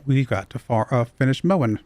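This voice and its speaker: A man with a faint Southern US accent talks through his game in a loose, rambling way, chuckling often. His voice sits in a middle pitch. It comes across dry and close, with no room sound. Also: animated, fairly quick, a little mellow, no room sound. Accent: slight Southern US. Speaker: livestream gamer. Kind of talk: casual livestream commentary.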